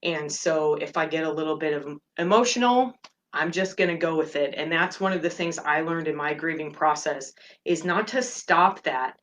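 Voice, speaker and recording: A middle-aged woman hosting a meditation podcast, talking gently and candidly about her feelings. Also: deep voice, moderate pace, a little hiss or hum. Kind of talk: personal reflective talk.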